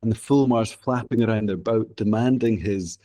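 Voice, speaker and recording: A man's voice: fairly low pitch, normal speed, warm tone. A man from Scotland with a Scottish accent, telling a traditional tale in an interview, vivid and rhythmic, repeating phrases for effect. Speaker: storyteller guest. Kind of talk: oral storytelling in an interview.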